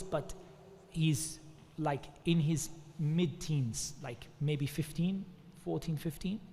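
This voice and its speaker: A man's voice: sits high, darkish tone, in a large hall. A man giving earnest, conversational religious advice, often repeating devotional phrases as he talks. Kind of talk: informal religious advice talk.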